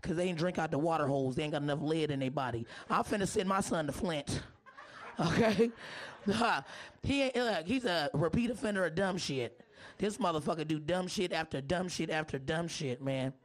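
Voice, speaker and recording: Hoarse woman comic doing a live set, brash, swears a lot, roasts the crowd. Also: low-pitched, moderate pace. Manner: brash, profane, teasing the audience. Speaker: stand-up comedian.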